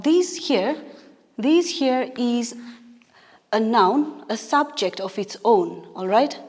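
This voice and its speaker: A woman with a Naga English accent and a mid-range, somewhat dark voice teaches a grammar lesson in a classroom, patiently and often checking in with "all right?". The room is reverberant, with a long echo.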